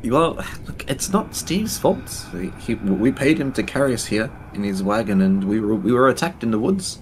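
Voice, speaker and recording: A man's voice: mid-range voice, sing-song, moderate pace, slight background noise, low-quality recording. A man role-playing at a tabletop game in a formal, fussy, hesitant manner. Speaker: player. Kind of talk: in-character tabletop role-play.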